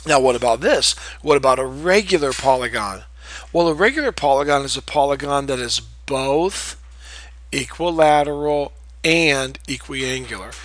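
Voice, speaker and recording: A man's voice: mid-range voice, animated, normal speed, fairly bright tone, low-quality recording. A man teaching a math lesson in a patient, explanatory way, repeating key terms and checking in with "okay?". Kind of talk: recorded classroom lecture.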